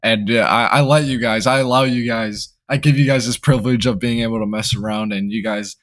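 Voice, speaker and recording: A man's voice: mid-range voice, fairly even intonation, a little fast, fairly bright tone, natural voice. A young man quoting his annoyed female teacher as she lectures her students. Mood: disappointed. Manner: lecturing, exasperated.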